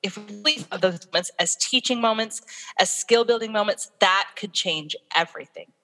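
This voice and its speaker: Brief: woman guest expert, animated storyteller, bright tone, long reverb. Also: medium pitch, normal speed. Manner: animated storytelling, acts out what she says to her kids. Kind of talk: interview, explaining.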